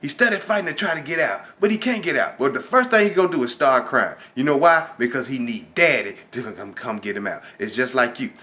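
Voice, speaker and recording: A man hosting his own show, giving a conversational, preachy faith and motivation talk, dropping to a low hush when voicing inner thoughts. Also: lively intonation, brisk, few pauses. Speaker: host.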